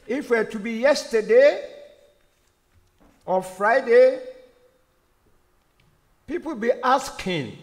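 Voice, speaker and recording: A man delivers a sermon in a high voice that rises and falls freely, taking his time and repeating key phrases. He often puts rhetorical questions to his listeners. The sound carries the long reverb of a church hall. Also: animated, slow, long pauses. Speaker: preacher.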